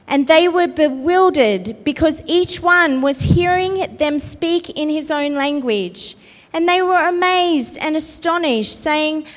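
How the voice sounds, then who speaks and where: A woman pastor preaching a sermon and reading scripture, earnest and often checking in with her listeners. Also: high-pitched. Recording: long reverb of a large hall.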